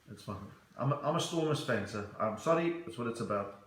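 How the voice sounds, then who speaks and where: Here the South African man's medium-pitched voice is animated and brisk with a fairly bright tone, and the recording sounds roomy. He's in a room at home hosting a playful comedy live stream, chatting, reading comments and switching accents on and off.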